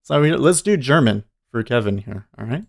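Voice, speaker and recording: A man's voice: medium pitch, animated, normal speed, creaky. A man chatting casually on a live trading stream, rambling and chuckling often.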